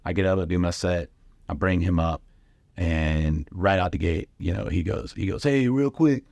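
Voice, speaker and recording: A middle-aged man spins loose, rambling stories, often jumping into lively voices for the people in them. His voice sits on the low side, and the dry, close recording leaves no room sound. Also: moderate pace, vocal fry, dry recording. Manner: animated anecdotes with lively impressions, frequent fillers. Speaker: guest comedian and radio host. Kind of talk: casual storytelling.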